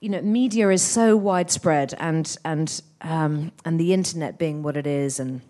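A woman actress chatting as a guest in an interview, telling stories in an animated, expressive way. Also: deep voice, normal speed. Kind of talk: anecdotal interview chat.

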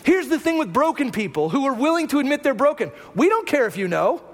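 A man preaching a sermon as pastor in a conversational way, dropping to hushed lines and rising to raised ones. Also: extremely high pitch, big pitch swings, fast talker. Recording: long hall reverb.

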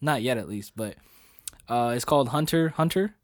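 A man's voice: mid-range voice, expressive, normal speed, dry recording. Slangy laid-back man, dry close mic. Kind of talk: casual chat.

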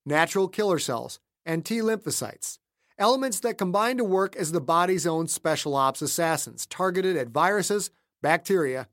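A man reading his own novel aloud as the narrator, in a measured and steady storytelling delivery. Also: on the high side, no echo, clean studio sound. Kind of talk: scripted audiobook narration.

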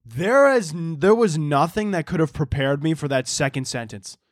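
Profane, rambling young man with a higher voice. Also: normal speed, no room sound, studio quality. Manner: profane, rambling, animated storytelling. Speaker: podcast host. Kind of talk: casual comedic monologue.

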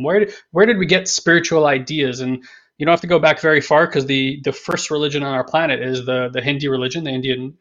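A podcast co-host speaks in a fairly high, slightly bright male voice, chatting casually, rambling, repeating himself and cracking jokes. The recording sounds dull and lo-fi.

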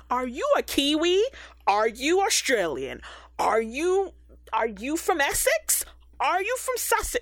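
A woman riffs through a sarcastic, exaggerated rant, her pitch leaping up and down constantly as she picks the episode apart. She talks slowly and drawn out. The room is dead and dry. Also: no room sound. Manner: animated, sarcastic, exaggerated ranting. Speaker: podcast co-host. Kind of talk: casual chat reviewing a TV episode.

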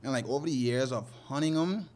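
A man's voice: medium pitch, fairly quick, a little mellow, a little hiss or hum. A man working as a fishing guide, talking loosely and animatedly in an interview, often laughing. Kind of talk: casual interview talk.

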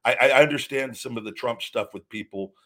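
A man's voice: mid-range voice, fairly quick, fairly bright tone. A man hosting a podcast, ranting heatedly with lots of swearing and stumbling restarts. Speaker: podcast host. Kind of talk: livestream rant.

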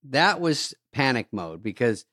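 Man, podcast host, casual chat, wry offhand delivery, lively pitch, dry close studio sound. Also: a little slow, no room sound.

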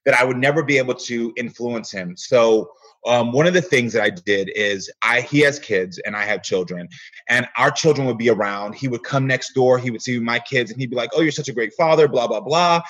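Earnest male guest, husky, relives conversations as he tells them. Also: medium pitch, normal speed, fairly bright tone, dull audio. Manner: earnest storyteller, acts out quoted exchanges. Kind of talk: casual interview conversation.

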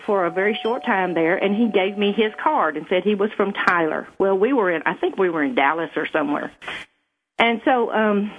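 Older woman caller, emotional and repetitive, husky, over a tinny phone line. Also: mid-range voice. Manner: earnest, emotional, repeats herself. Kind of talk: telling a personal story. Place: calling in by phone.

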